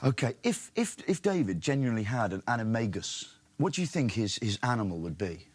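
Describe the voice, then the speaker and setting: A man interviewing guests in a playful, teasing way, with halting restarts. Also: mid-range voice, big pitch swings, slight background noise. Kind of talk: casual interview questions.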